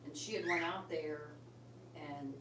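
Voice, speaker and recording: A woman's voice: deep voice, fairly even intonation, measured pace. A middle-aged woman hosting a casual livestream at home, chatting and sweetly coaxing her pet bird, recorded on a phone on a tripod. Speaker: bird channel host. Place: home, indoors. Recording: roomy, distant phone mic, loud noise.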